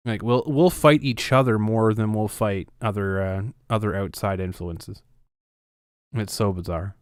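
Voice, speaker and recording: Ranting, profane Canadian podcast host. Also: male voice, fairly low pitch, fairly even intonation, measured pace, smooth, dry recording, studio quality. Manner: profane, ranting, sarcastic, laughs often. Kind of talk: casual podcast chat.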